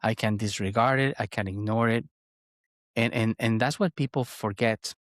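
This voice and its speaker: A man, co-hosting a talk show, telling a story in a lively, animated way. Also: lowish voice, moderate pace, no echo, clean studio sound. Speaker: podcast co-host. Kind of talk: conversational storytelling.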